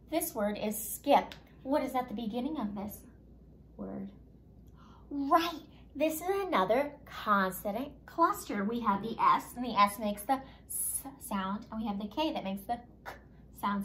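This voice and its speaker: A woman teaching a phonics lesson to young children, sounding out letters slowly and with exaggeration, and prompting and praising the class in an upbeat way. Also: medium pitch, animated, fairly bright tone, slight background noise.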